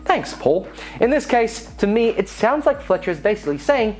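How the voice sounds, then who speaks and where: A woman's voice: a little high, sing-song, moderate pace, a little mellow, faint music behind. A woman hosting a scripted tech and telecom news show, with sarcastic, playful asides.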